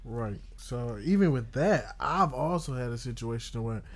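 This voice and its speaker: Relaxed man in casual chat. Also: medium pitch, measured pace. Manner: relaxed, slangy.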